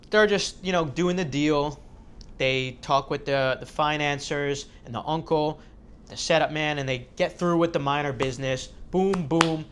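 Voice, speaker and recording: A man tells a story in a relaxed, chatty way, full of filler words. His voice sits at an ordinary middle pitch for a man. He rushes ahead, then slows down for effect. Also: a little hiss or hum. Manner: animated, filler-heavy. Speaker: host. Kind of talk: casual storytelling.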